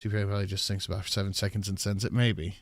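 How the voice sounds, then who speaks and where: Talking very fast with little pitch movement, a man with a low-leaning voice hosts a livestream, reading out viewers' chat names and messages in a casual, profane manner. A desk microphone captures clean studio sound with no echo.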